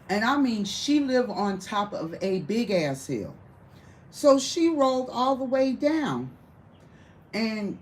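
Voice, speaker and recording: A woman's voice: mid-range voice, big pitch swings, slow, slight background noise, low-quality recording. A woman telling a rowdy, profane story in casual conversation, often breaking into laughter. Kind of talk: casual storytelling to a small audience.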